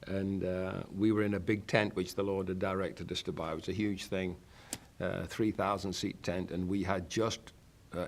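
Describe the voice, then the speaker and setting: An older man preaching a sermon, telling a personal story in an emphatic, fervent way. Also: low voice.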